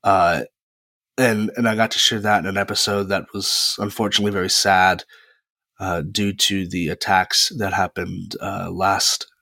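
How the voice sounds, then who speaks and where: A young man in his twenties, speaking on the lower side, hosts a solo podcast in a loose, chatty way. He rambles and pauses often as he talks close to his microphone. The sound is dry and close, with no room echo. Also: gravelly, bright, forceful tone. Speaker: podcast host. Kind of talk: casual solo podcast monologue. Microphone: close podcast mic.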